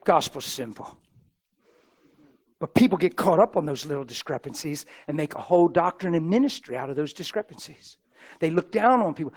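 A middle-aged man preaching in a folksy, animated way, telling stories and acting out the people in them. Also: on the high side, moderate pace. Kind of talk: storytelling sermon.

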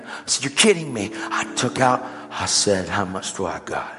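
A man preaching a sermon, telling a story with lively swings between loud and hushed. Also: medium pitch, moderate pace, few pauses, in a large hall.

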